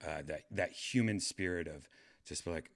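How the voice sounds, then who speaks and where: Deep-voiced man rambling on a livestream. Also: normal speed, creaky. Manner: rambling, hesitant, many fillers and restarts. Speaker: podcast host. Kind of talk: casual livestream chat.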